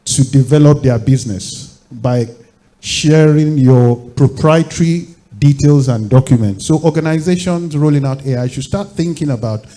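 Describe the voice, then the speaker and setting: A man's voice: medium pitch, moderate pace, warm tone. A man speaking as a panelist, giving advice point by point with frequent fillers. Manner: advisory, lists points with "you know" fillers. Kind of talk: panel discussion answer.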